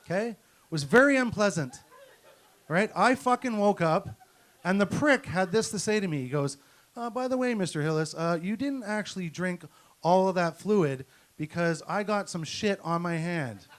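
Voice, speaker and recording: A middle-aged male comedian tells crude, profane stories in a ranting stand-up style. His voice sits a little on the high side for a man. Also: expressive, moderate pace. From Canada. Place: comedy night at a venue with an audience.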